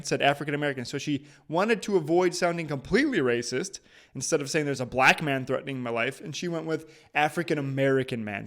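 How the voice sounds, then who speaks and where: A man giving casual, emphatic reaction commentary on a video clip, with restarts now and then. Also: on the high side.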